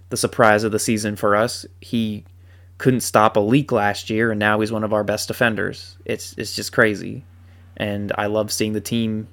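Animated, joking male football fan. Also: on the low side. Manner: animated and joking, with dry sarcasm. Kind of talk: casual sports commentary.

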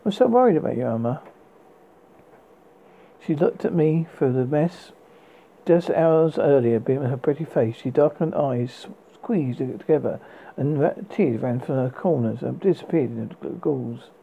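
Gravelly man reading a memoir haltingly. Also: mid-range voice, narrow, tinny audio, a little hiss or hum. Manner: halting reading with frequent stumbles and restarts. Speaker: reader.

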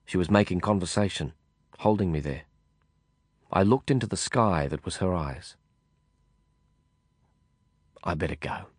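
Low-voiced man narrating an audiobook. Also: no echo, studio quality. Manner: measured, reflective, unhurried. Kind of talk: scripted first-person narration.

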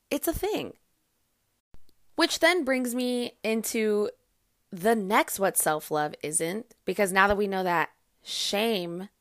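A woman's voice: mid-range voice, no room sound. Blunt, emphatic woman podcaster, dry close sound. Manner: blunt, emphatic, swears casually; acts out her inner voice in quotes. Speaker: podcast host. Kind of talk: casual self-help monologue.

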